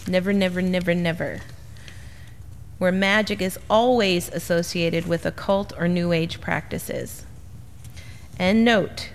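A middle-aged woman teaching the Bible in a casual, animated way, acting out the people in her stories. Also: mid-range voice, gravelly, long reverb tail, slight background noise. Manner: animated storyteller, quotes people in voices.

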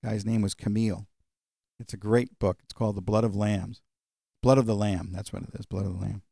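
A man's voice: lowish voice, fairly even intonation, a little fast, vocal fry, dark tone, no echo, clean studio sound. A male pastor preaching in a conversational storytelling way, with frequent fillers. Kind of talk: sermon.

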